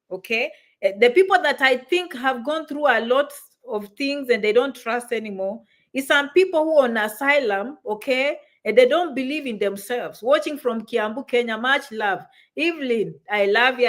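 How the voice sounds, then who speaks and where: An immigration visa advisor hosts a livestream, reading viewer comments and handing out visa advice, emphatic and frequently asking "okay?". Her voice is fairly high and fairly bright, picked up by a livestream setup.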